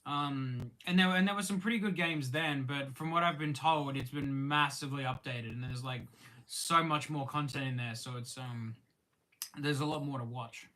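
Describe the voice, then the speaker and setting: A young Australian man with a medium-pitched, sharp-toned voice chats casually on a live stream over lunch. He pauses often, says "um" and restarts his sentences, and greets viewers by name.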